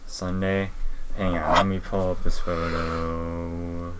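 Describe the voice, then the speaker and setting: A man's voice: low voice, level tone, slow, over a noisy crowd. A young man co-hosting a podcast, telling a story in a rambling way, with lots of fillers and swearing. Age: young adult. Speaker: podcast co-host. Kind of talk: casual podcast chat.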